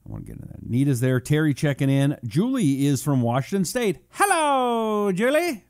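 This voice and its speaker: A man hosting a live talk show, reading out viewer check-ins between quick jokes and asides. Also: mid-range voice, sing-song, warm tone. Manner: jokey, breezy, quick asides. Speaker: radio talk show host.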